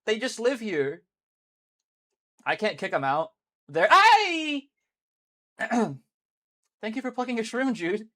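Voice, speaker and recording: Male gaming streamer, slightly high-pitched, casual and excitable, swears a lot, laughs easily. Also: moderate pace, long pauses. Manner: rambling and excitable, swears freely, laughs often. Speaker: game streamer. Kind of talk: casual live-stream chat while gaming.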